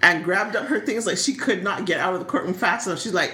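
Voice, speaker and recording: A woman co-hosting a casual podcast chat, animated, often repeating words as she starts a thought. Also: fairly low pitch, fast, few pauses, roomy sound. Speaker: podcast co-host. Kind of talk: casual chat about a soap opera.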